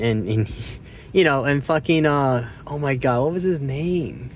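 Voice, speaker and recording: A man's voice: medium pitch, unhurried, slight background noise. Rambling, cussing man reviewing a movie. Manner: rambling, profane, loses his train of thought; gets loud and excited retelling scenes. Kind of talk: casual spoken movie review.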